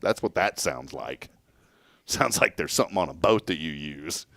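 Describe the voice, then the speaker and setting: A man's voice: extremely low pitch, expressive, moderate pace, vocal fry, fairly bright tone, no room sound. A man hosting a casual studio talk show, joking and laughing. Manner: jokey, laughing, plays with words. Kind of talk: casual chat. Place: studio with audience.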